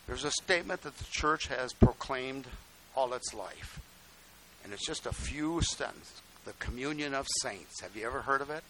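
Older man, pastor, folksy sermon storyteller, bright forceful tone, faint hiss on the tape. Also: rough recording. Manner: folksy storytelling preaching, swinging from low asides to loud exclamations.

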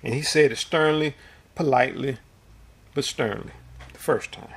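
A man's voice: medium pitch, normal speed, breathy edge. A man preaching a sermon in a folksy, storytelling way, with homespun asides.

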